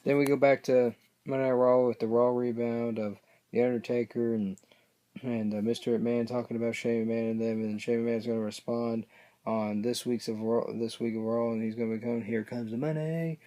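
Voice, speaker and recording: A man's voice: mid-range voice, completely flat delivery, fairly quick, mellow. A man casually recapping a show, rambling and hesitant, often losing his place mid-sentence. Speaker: wrestling reaction vlogger.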